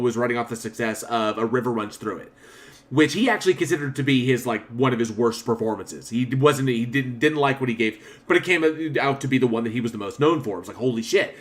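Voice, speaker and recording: Guy on a horror podcast, mid pitch, rambles and swears, laughs a lot. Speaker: podcast co-host. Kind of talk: casual film review chat.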